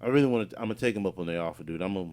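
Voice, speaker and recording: A man's voice: low-pitched, rapid-fire, a little mellow. A man, a voice actor and podcast co-host, chatting casually and telling a rambling story with lots of fillers and restarts. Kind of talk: casual chat.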